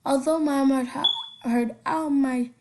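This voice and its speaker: Slow, giggly young woman reading aloud. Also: sits high, steady tone, slight background noise. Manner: halting read-aloud with slips and giggly asides. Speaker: reader of funny stories.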